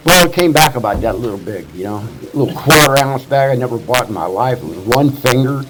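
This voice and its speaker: A man's voice: medium pitch, animated, quick pace, few pauses. A man in his sixties from Missouri, telling his life story at a recovery meeting in a rambling, profane way, full of "you know" fillers. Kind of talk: casual storytelling testimony. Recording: loud background noise.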